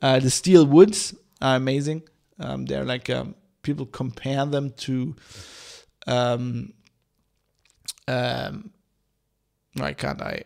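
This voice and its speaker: A male podcast host, hoarse from hay fever, chatting casually on his own, rambling with lots of fillers, restarts and swearing. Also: medium pitch, steady tone, slow, pauses often, darkish tone. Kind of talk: casual solo podcast chat.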